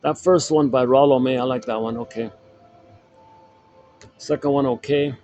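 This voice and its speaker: A man's voice: mid-range voice, fairly even intonation, normal speed, dark tone, highs cut off, soft background music. Rambling man coaching a group. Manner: rambling, repeats words and restarts phrases. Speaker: self-help group facilitator. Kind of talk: casual coaching talk.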